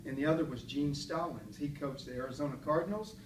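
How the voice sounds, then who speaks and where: A man's voice: on the high side, quick pace. Folksy man speaking in a room. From Paris, Texas. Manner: folksy storytelling, light self-deprecating humor. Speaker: club speaker. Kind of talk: prepared public speech. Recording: echoey room, mic far off, faint hum.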